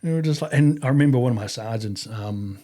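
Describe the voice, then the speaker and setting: A man's voice: medium pitch, fast talker, warm tone. A man in his fifties with an Australian accent, an army veteran guest telling stories casually, rambling with fillers and casual swearing. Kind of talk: casual storytelling in an interview.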